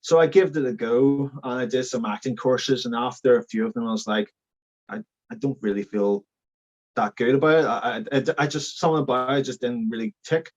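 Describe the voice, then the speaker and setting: A man's voice: medium pitch, fairly quick, a little mellow, lo-fi sound. A young man with a Northern Irish accent, chatting casually as an interview guest, full of fillers and restarts. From Northern Ireland. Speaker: filmmaker guest.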